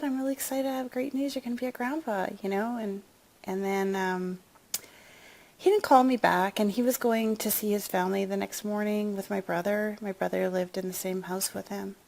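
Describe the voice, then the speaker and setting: Middle-aged woman, gravelly voice, personal story turning into an upbeat sales pitch. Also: darkish tone. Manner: emotional, confiding, then upbeat and chatty. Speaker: wellness product promoter.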